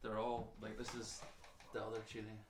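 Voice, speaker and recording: A Scottish man in a band reading out viewer comments in a relaxed, matter-of-fact way. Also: lowish voice, moderate pace, background noise. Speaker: band member. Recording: echoey room with faint guitar.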